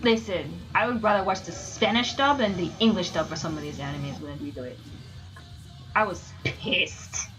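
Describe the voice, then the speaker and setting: A young woman streamer in casual chat, animated and swearing as she rants. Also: fairly low pitch, moderate pace, over music, low-quality recording.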